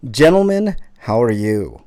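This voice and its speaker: A man's voice: mid-range voice, big pitch swings, measured pace, a little mellow. A man hosting a live podcast in casual chat, joking and swearing, with lots of fillers. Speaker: podcast host.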